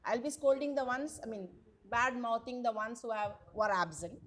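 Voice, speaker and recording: Over a video call on her computer mic, a woman lecturer chats with her college students, repeating words and regularly posing questions to them. Her pitch is on the high side and her pace moderate, with a faint hiss or hum in the audio.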